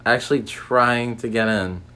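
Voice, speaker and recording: A podcast co-host in casual chat, animated and teasing, sometimes slipping into a put-on accent for fun. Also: medium pitch, unhurried, clear, resonant tone.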